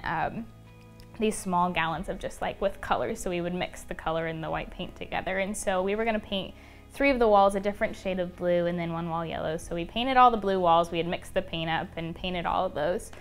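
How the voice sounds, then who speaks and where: Young woman rambling through a story, lots of ums and likes, soft music behind. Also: lowish voice, fairly quick. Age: young adult. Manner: chatty, many fillers like "um" and "like". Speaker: interview guest. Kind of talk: casual personal storytelling.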